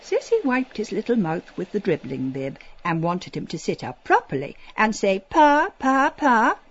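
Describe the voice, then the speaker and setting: A woman narrating a literary audiobook in an expressive, lilting storytelling manner, dropping to a hush at times. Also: on the low side, normal speed, slightly rough, muffled recording. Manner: expressive, lilting storytelling with soft hushed passages.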